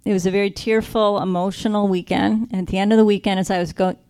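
A woman sharing a personal faith testimony, earnest and reflective, slowing down to stress key moments. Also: mid-range voice, steady tone, warm tone. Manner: earnest, reflective, slows down for emphasis.

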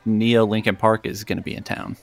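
A man's voice: lowish voice, little pitch movement, brisk, natural voice. A man voicing a young male waiter who stammers and pleads with his boss. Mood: pleading.

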